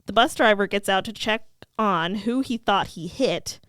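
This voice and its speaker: A woman's voice: mid-range voice, fairly bright tone, clean tone, dry recording, clean studio sound. A woman on a casual podcast, recapping a TV episode and acting out the characters' lines with frequent laughter. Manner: acts out characters' lines in quick bursts, laughs often. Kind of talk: casual podcast chat, retelling scenes.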